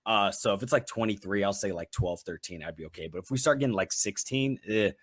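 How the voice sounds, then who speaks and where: A man's voice: on the low side, fast talker, fairly bright tone, no room sound. A man co-hosting a podcast, talking hesitantly with many likes. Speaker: podcast co-host. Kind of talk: casual chat.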